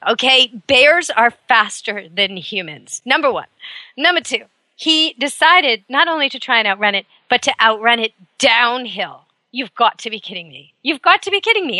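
A woman's voice: a little high, pushed and bright, no room sound. Woman, radio host, talk radio monologue, emphatic, opinionated, studio mic, dry close sound.

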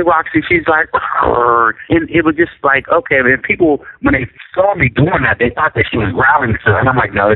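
A man's voice: fairly high pitch, gravelly, breathy edge, no echo. Man telling a story over a phone line. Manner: rambling, earnest, many fillers and restarts. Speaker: interview guest. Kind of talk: personal storytelling in conversation.

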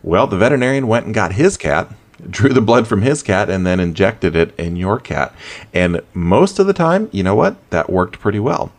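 A man hosting a pet radio show, chatting in a casual, animated way with chuckling asides. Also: lowish voice, moderate pace. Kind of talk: casual podcast talk.

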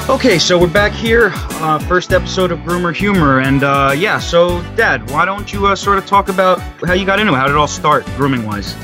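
A man's voice: sits high, expressive, fairly quick, few pauses, over music. A man hosting a podcast and chatting casually in a laid-back way. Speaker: podcast host. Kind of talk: casual chat.

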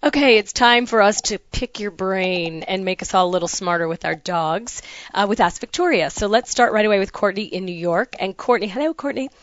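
A chatty woman co-host reads listener letters aloud and breaks in with quick asides. Her voice is middle-pitched and dry, with a slightly dull, muffled recording. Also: dry recording. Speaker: podcast co-host reading listener questions. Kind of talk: casual podcast chat.

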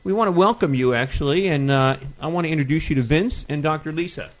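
A man's voice: a little high, quick pace. A man hosting a radio interview, chatting in a friendly, conversational way. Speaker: radio show host. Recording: lo-fi radio studio sound.

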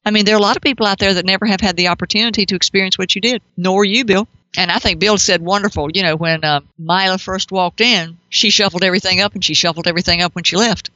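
Middle-aged woman, radio host, bright tone, dry close sound, slightly muffled, emphatic. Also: mid-range voice, steady tone, fast talker, few pauses, no echo. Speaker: pet psychic radio host. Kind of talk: call-in advice talk.

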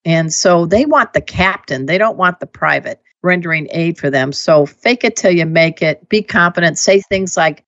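A woman who teaches pet first aid, telling stories and giving emphatic advice in a casual, animated way. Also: lowish voice, moderate pace, few pauses, no echo. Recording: dull lo-fi dry audio.

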